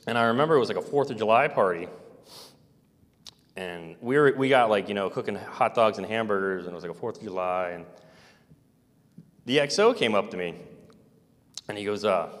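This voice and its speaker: A soft-spoken man with a lowish voice tells his story in a halting, rambling way. His voice carries a long, trailing reverb, as if recorded in a large hall. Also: expressive. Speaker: interviewee recounting military experiences. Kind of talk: casual personal storytelling.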